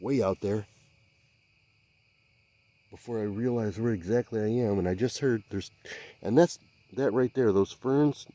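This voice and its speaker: A man investigating the woods by a swamp at night, speaking in a hushed, halting, searching way and sometimes calling out loudly. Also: lowish voice. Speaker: field investigator. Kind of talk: night field investigation commentary.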